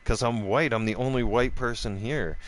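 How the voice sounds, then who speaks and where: A middle-aged man telling a rambling, profane story in a casual vlog rant, restarting his sentences often. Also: normal speed. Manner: voice jumps up high when quoting himself. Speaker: gaming vlogger.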